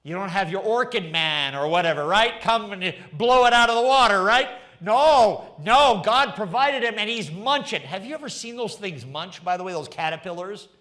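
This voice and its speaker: A pastor preaching a sermon, animated and rising to fervent emphasis as he tells the story. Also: sits high, normal speed, hardly any pauses. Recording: livestreamed sermon.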